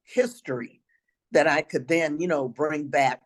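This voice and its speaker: An older woman with a raspy voice, a retired teacher telling travel stories as an interview guest, now and then clearing her throat. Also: deep voice, unhurried, rough recording. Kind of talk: storytelling interview answers.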